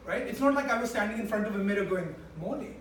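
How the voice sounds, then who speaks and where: A young man from India with an English accent that still carries some Indian traces, performing a swearing, animated stand-up set for a few friends. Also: high voice, racing, slight background noise. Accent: Indian-English, mostly English. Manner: animated, acting out voices, swearing. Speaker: stand-up comedian. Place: small room with a few friends. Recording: echoey room from a far mic, faint ambience.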